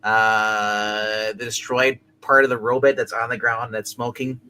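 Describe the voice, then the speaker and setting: Bright, playful man on a chat panel. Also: lowish voice, flat delivery, unhurried, slight background noise. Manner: playful, enthusiastic, laughs often.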